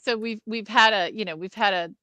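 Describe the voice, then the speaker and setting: A woman's voice: mid-range voice, a little fast, bright, forceful tone, dry recording. A woman co-hosting a casual film review podcast, chatty and enthusiastic with trailing restarts. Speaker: podcast co-host.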